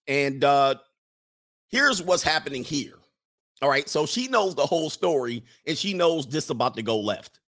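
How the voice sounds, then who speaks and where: A man's voice: a little high, lively intonation, moderate pace, a bit bright. A man giving casual, chatty commentary over film clips, repeating himself and dropping into character voices. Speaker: video commentator.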